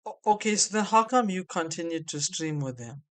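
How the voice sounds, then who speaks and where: A man hosting a casual interview chat, asking brisk questions. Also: high-pitched, lively intonation. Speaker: host.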